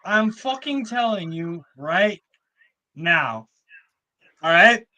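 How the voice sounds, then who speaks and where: Man, very high, bright voice, forceful and insistent, swears a lot. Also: animated, slow. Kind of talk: casual chat.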